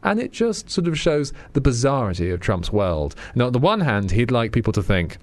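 A man's voice: mid-range voice, sing-song, normal speed, a little mellow, slight background noise. A man hosting a political radio show, talking in a chatty, wry way with many fillers and restarts. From Britain. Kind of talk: radio monologue on current affairs.

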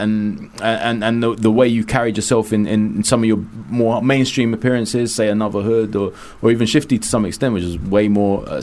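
A man co-hosting a casual chat, often restarting his sentences and mimicking voices as he tells stories. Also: on the low side. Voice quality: stammering restarts, animated. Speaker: co-host.

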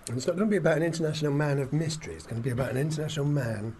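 A man's voice: a little high, racing, a little mellow, a little hiss or hum. A man co-hosting a podcast in casual, jokey chat, laughing often. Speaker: podcast co-host.

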